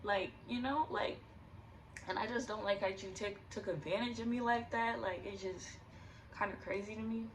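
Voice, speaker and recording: Young adult woman, vlogger voice, gravelly and tearful, loose candid rambling, recorded from a distance with faint noise behind. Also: mid-range voice, fairly even intonation, normal speed. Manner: rambling, fillers, nervous laughter. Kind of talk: candid personal vlog.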